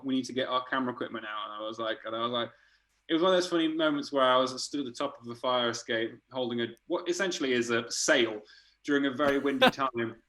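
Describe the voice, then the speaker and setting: Bright-voiced man telling stories. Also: mid-range voice, rough recording. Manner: animated, swearing, laughing storyteller. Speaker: art director guest. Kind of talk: casual storytelling chat.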